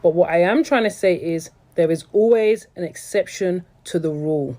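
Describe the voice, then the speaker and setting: Brief: woman advice vlogger, direct to camera, earnest warnings, warm low voice. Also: moderate pace, few pauses.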